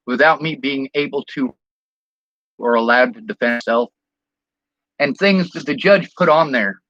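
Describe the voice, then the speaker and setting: A man's voice: medium pitch, bright, forceful tone, no room sound, lo-fi sound. A man venting in a personal vlog rant, bitter and indignant, with frequent swearing.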